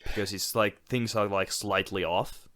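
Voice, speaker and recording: A man's voice: lowish voice, fairly even intonation, normal speed, a bit bright. A man co-hosting a casual podcast conversation, speaking loosely with lots of fillers. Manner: loose and conversational, full of "like" and "yeah". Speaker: podcast co-host. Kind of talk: casual chat about a film.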